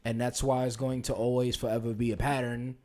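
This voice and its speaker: A man co-hosting a relaxed podcast, speaking bluntly and with emphasis. He often talks over the others to get his point across. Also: medium pitch, fairly quick. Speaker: podcast co-host. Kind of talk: casual debate chat.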